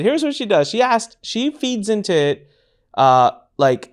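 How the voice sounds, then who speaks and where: A man in his thirties hosting a casual business talk, telling a story with lively acted-out quotes. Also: a little high, brisk. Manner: animated storytelling, acts out quotes. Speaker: podcast host.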